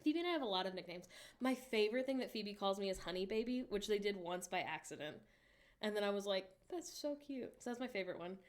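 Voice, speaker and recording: A woman in her late twenties, hosting a livestream in a casual, candid chat and reading viewer messages aloud with animated asides. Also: medium pitch, fast. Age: late 20s. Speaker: livestream host.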